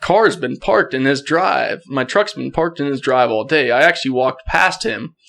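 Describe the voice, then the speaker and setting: Bright-voiced man telling a hunting story. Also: mid-range voice, normal speed. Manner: animated, laughs through the story, throat clearing. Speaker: podcast guest. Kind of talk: casual storytelling.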